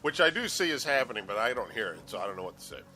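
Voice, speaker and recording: A man's voice: mid-range voice, big pitch swings, rapid-fire, pushed and bright, soft background music. A man in casual podcast chat, teasing and curious, asking playful questions. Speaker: podcast co-host.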